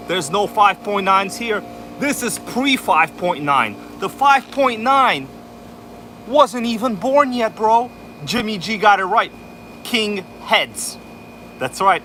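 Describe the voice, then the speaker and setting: Hyped New York guy, bright voice. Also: high voice, a little hiss or hum. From Queens, New York. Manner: hyped, exaggerated announcer delivery, shouts out viewers. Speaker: RC livestream host. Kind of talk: casual livestream chat. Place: indoor room with air conditioner running.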